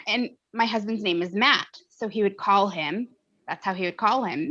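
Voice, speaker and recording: An American woman hosting a casual conversation, an animated storyteller who mimics voices. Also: medium pitch, normal speed, muffled recording.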